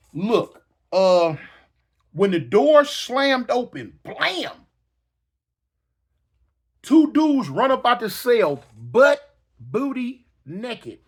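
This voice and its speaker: A middle-aged man with a notably high voice tells a story straight to his viewers. He talks in loose slang, repeats phrases for punch and acts out the booms and slams himself. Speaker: storyteller recounting his own past.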